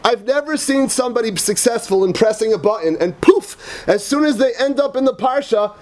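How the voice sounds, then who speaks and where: A rabbi with a notably high voice lectures yeshiva students with emphatic, repetitive conviction. He weaves personal anecdotes into his teaching and sprinkles Hebrew and Yiddish terms through his English. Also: animated, a little fast, few pauses, darkish tone. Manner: emphatic, repeats phrases, tells personal anecdotes.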